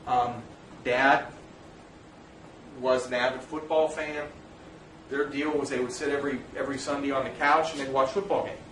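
A man's voice: medium pitch, fairly even intonation, normal speed, pauses often, a bit bright, distant mic, a little hiss or hum. A man, a father of a child with special needs, talking earnestly and plainly to other dads and telling personal stories. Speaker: parent speaker addressing fathers. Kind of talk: informal talk to an audience. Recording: roomy echo, speaker away from the mic, faint ambience.

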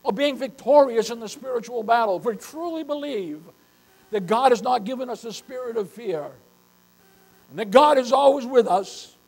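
A man's voice: extremely high pitch, moderate pace, darkish tone, low-quality recording. An older man preaching a sermon as pastor, emphatic and repeatedly calling his listeners beloved.

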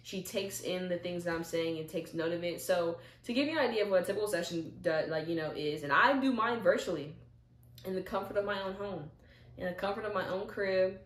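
Lively young woman, low voice, roomy echo. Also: a little fast. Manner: animated storyteller, acts out little dialogues. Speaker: vlogger. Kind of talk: casual talk to camera. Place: at home, seated in a chair.

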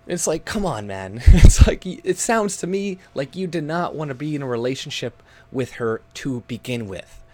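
A man's voice: medium pitch, expressive, moderate pace, few pauses, noisy background. Heated swearing male ranter. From Canada. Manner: heated, swearing, mocks others in put-on voices. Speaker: YouTube commentator. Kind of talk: ranting commentary video.

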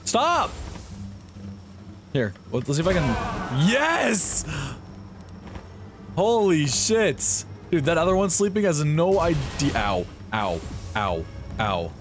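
A young man giving live gameplay commentary, excitable and often yelping and swearing at enemies. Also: on the high side, a little slow, music in the background. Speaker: streamer.

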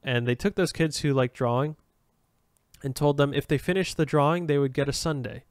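Rambling solo podcast host, smooth voice. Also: male voice, fairly high pitch, brisk, dry recording, studio quality. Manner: rambling, self-aware, many restarts and fillers.

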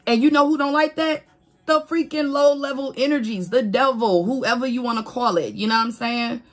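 A woman gives a casual spiritual reading to her viewers. She is animated and preachy, cusses freely and keeps asking if they understand her. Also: fairly high pitch, moderate pace. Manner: animated, preachy, swears and laughs, talks straight to viewers. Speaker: tarot reader.

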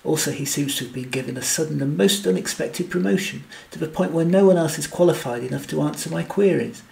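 Man voicing a gravelly, earnest tall alien. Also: on the high side, fast talker, darkish tone, distant mic. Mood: indignant. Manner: earnest, insistent. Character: tall calm male alien, now angry and determined.

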